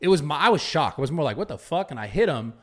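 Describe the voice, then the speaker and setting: A young man tells a rambling story on a studio podcast mic, talking quickly. His pitch swings widely and sits a little high as he acts out the quotes. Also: big pitch swings, slightly rough. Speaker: podcast host. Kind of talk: casual chat, animated storytelling.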